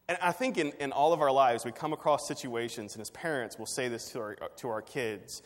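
A man's voice: medium pitch, fairly quick, few pauses, big-room sound. A man preaching a sermon, telling a personal story in a conversational way with fillers and restarts. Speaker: pastor.

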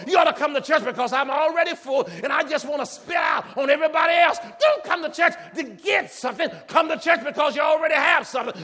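A pastor preaching a sermon in a church, fervent and building to shouted exhortations. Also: male voice, very high voice, in a large hall.

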